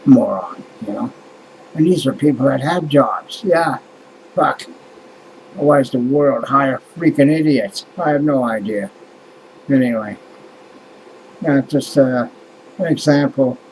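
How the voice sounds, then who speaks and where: A man's voice: medium pitch, slow, long pauses, slight background noise, rough recording. A man musing aloud in a casual vlog monologue, rambling and swearing as he grumbles about things that irritate him. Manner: rambling, profane, exasperated musing. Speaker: vlogger.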